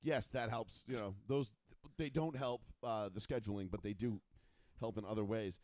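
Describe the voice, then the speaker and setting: A man's voice: on the low side, normal speed, a little mellow, dry recording. A man hosting a casual talk show, bantering in a brash, joking, boastful way. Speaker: podcast host. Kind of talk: casual chat.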